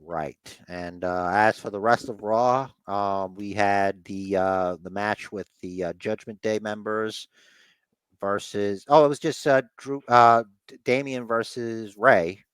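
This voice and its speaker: A man's voice: lowish voice, clean tone, no echo. Guy recapping wrestling on a podcast, loose and rambly, dry close mic. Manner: acts out wrestlers' lines in quick, animated put-on voices. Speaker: podcast co-host. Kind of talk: casual wrestling recap chat.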